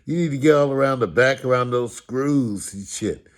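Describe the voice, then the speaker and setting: A man's voice: medium pitch, normal speed, lightly acted. A man putting on the voice of his stern, sarcastic father lecturing his son in a mock-solemn way.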